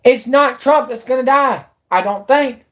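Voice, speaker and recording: A woman's voice: high-pitched, a little slow. A woman, ranting angrily and swearing as a YouTube commentator. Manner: angry, profane, shouting in bursts. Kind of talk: angry political rant.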